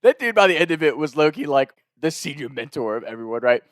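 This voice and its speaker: A young man telling a story in a casual, animated, profane way, laughing as he goes. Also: a little high, fast, no room sound, studio quality.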